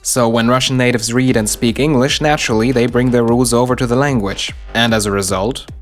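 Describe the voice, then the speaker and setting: A man's voice: mid-range voice, steady tone, brisk, faint music behind. A man explaining how accents work in a casual, wry teaching style. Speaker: linguistics teacher. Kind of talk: explanatory video lesson.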